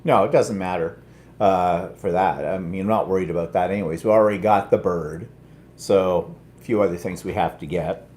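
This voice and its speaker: A man's voice: low voice, fairly even intonation, moderate pace, darkish tone. A middle-aged man with a Canadian accent, hosting a casual, rambling live chat with a self-mocking humor. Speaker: host.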